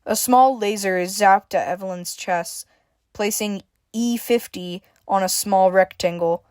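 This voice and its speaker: A woman's voice: medium pitch, unhurried, a little mellow, clean tone, no room sound, studio quality. A woman reading a scripted story aloud as narrator. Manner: reads dialogue with shifting emphasis, stammers for a frightened character.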